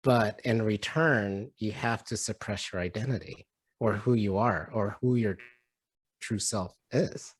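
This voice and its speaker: Hawaiian-accented male panelist, unhurried and reflective, dry close sound. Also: fairly low pitch, husky, dry recording. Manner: slow, reflective, thinking aloud. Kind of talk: panel discussion.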